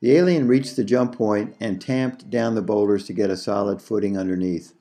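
A man narrating an audiobook story in a slow, measured reading. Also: fairly low pitch, mellow.

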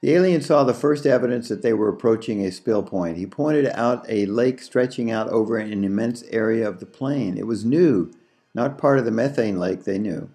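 A man narrating an audiobook story in a slow, measured reading. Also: fairly low pitch, mellow.

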